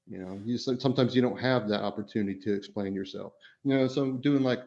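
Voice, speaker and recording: A man's voice: mid-range voice, fast talker, a little mellow, muffled recording. A man co-hosting a podcast as a father, talking casually and rambling, full of "you know" fillers and restarts.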